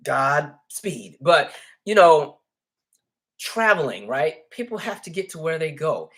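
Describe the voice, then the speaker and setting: A man's voice: on the high side, sing-song, slow, a bit bright. Chatty man hosting a casual commentary. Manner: chatty, asks "right?" and "you know" often; candid, easygoing storyteller. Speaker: host.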